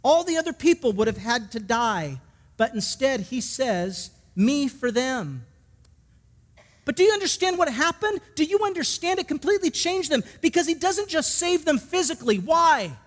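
A man's voice: very high voice, big pitch swings, moderate pace, in a large hall. A male pastor preaching a sermon emphatically, asking the congregation questions and telling a story.

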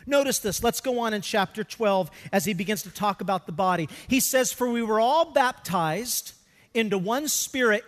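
High-voiced man preaching in a reverberant hall. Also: lively intonation, unhurried, fairly bright tone. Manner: emphatic, asks the congregation questions and has them fill in words. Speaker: pastor. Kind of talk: sermon.

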